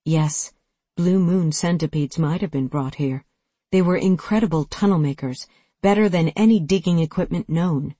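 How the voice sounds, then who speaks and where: A narrator reading a sci-fi action novel aloud, in steady, dramatic storytelling. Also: mid-range voice, normal speed, no room sound. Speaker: audiobook narrator. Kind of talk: scripted narration.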